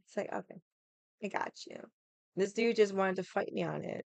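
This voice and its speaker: A woman's voice: mid-range voice, gravelly, dry recording. Chatty woman telling stories, dry sound. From Hawaii. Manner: chatty, laughing, quick asides, swearing; irritated, stubborn storyteller. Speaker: vlogger. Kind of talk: casual storytelling chat.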